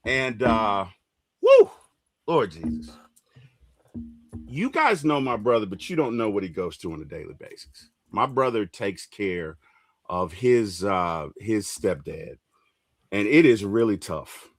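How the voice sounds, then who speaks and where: Emotional, lively-voiced male sports host. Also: fairly low pitch, unhurried. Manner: emotional, voice swelling when excited. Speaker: podcast host. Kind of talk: casual fan talk livestream.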